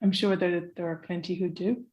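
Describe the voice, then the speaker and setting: A woman's voice: on the low side, steady tone, normal speed, a little mellow, highs cut off. A woman from Ireland, a comics author who is a guest on an interview and talks in a chatty way, with phrases that trail off and easy laughter. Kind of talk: casual conversation.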